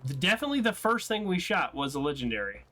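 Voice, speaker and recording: A man casually commentating on his own gameplay as host, excitable and self-mocking, often breaking into laughter. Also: a little high, quick pace. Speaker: let's play host.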